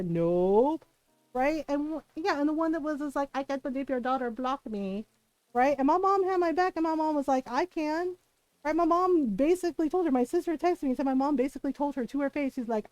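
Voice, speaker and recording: A woman's voice: high voice, a little mellow, dry recording, poor audio. A woman in her thirties streaming live, venting bluntly with lots of swearing. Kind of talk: casual livestream chat.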